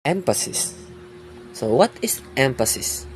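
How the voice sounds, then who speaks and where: A man's voice: medium pitch, big pitch swings, a little slow, slight background noise. A young man student explaining his topic in a class presentation, stressing words.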